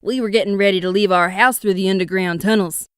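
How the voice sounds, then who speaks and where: A woman's voice: medium pitch, fairly even intonation, quick pace, clean tone, no room sound, studio quality, close to an everyday voice. A woman voicing a big, worried male beaver telling what happened. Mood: urgent. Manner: loud, urgent storytelling.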